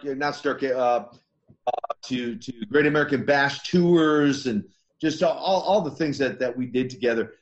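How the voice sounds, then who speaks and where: In a casual interview, a man in his sixties who used to wrestle shares stories with animation, laughing and starting his sentences over. His voice is medium-pitched, and the recording has its highs cut off.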